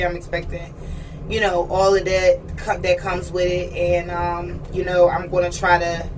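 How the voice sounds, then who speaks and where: A woman talking in a casual personal vlog on a train, chatty and earnest, often checking in with "you know what I mean". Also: fairly low pitch. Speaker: vlogger. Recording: distant mic with train noise.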